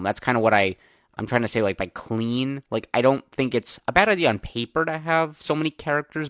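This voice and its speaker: A man's voice: fairly low pitch, fairly bright tone, no echo, clean studio sound. A young man hosting a solo movie review podcast, chatting casually with lots of filler words and candid opinions.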